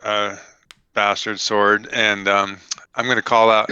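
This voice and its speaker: Bright, crisp tabletop player man. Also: fairly low pitch, flat delivery, slow pace, no echo, highs cut off. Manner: rambling, hedging with fillers. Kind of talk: casual tabletop game play.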